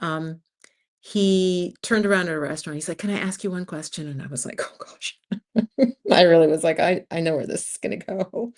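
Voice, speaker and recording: A woman, hosting her own channel and telling a long, rambling story in a casual livestream chat. She is tired from a sleepless night, laughs often and acts out the lines of the people she quotes. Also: lowish voice. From United States. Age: 50s. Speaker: channel host.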